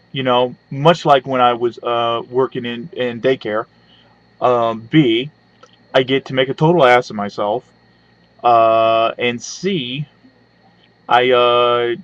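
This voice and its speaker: A man rants crudely and sarcastically into his webcam, rambling between hums and side remarks. The audio is dry and a little dull, like a cheap built-in mic. His voice sits at an ordinary pitch for a man. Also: measured pace, pauses often, dry recording. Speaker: webcam vlogger. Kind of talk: profane comedic rant.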